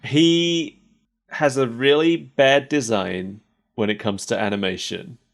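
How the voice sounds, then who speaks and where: A man's voice: mid-range voice, takes it slowly, creaky. A man co-hosting a podcast, chatting casually and laughing often between wry asides. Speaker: podcast co-host. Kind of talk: casual chat.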